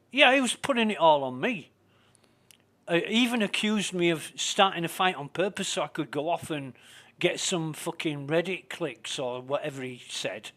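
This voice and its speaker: A man chats while he plays a game, venting in a loose, rambling way with plenty of swearing. His voice sits a little high for a man. He sounds indignant as he goes from one grumble to the next. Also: a bit bright. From Britain. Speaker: game streamer. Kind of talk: casual ranting commentary while gaming.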